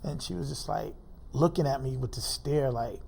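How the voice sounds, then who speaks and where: Man, dark mellow voice, lots of uh and like, telling a rough personal story on an interview show. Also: mid-range voice, slight background noise. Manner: informal, halting speech with many fillers. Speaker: interview guest.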